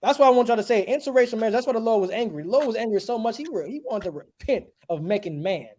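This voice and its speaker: A man's voice: sits high, lively intonation, fast, darkish tone. A man preaching a street sermon in an emphatic, questioning way, throwing rhetorical questions at his listeners.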